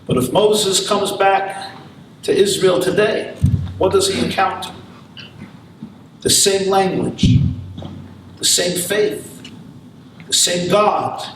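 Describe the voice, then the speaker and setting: A man's voice: fairly high pitch, slight background noise. A man giving a lecture as a rabbi, telling a humorous story and acting out the dialogue with rising energy. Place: lecture hall. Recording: roomy hall audio picked up from a distance.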